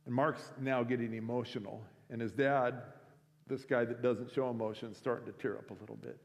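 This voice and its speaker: A man speaking at a school week of prayer tells a story in a sermon to the assembly, acting out its characters as he goes. His medium-pitched voice is steady, brisk and creaky. Long hall reverb fills the large school chapel or auditorium.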